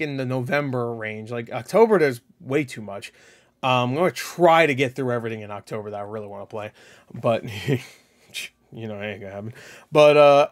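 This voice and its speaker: A young man hosting a casual solo video of gaming predictions, rambling loosely with many fillers and casual swearing. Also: medium pitch. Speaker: gaming channel host.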